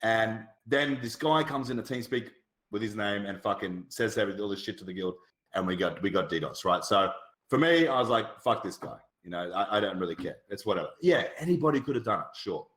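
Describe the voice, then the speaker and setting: A man on a casual podcast, talking bluntly and with lots of profanity, telling animated stories. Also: lowish voice, brisk. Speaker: podcast guest. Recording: roomy echo.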